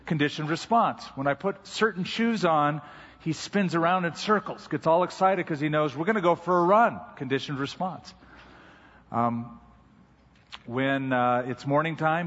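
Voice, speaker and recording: A pastor giving a sermon, unhurried and conversational, easing into stories about daily life. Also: male voice, on the high side, a bit bright. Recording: dull recording with long hall reverb.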